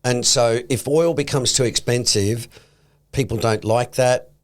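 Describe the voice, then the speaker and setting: A man's voice: medium pitch, measured pace. A man co-hosting a podcast, thinking aloud and hedging his points in casual chat. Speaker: podcast co-host.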